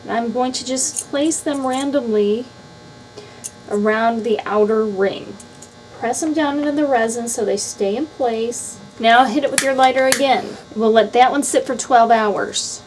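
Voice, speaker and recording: A woman with a fairly high voice walks through a craft project step by step, relaxed and chatty. She sounds like a friendly tutorial host. Faint background hiss sits under her voice. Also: a little slow. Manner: casual step-by-step explaining.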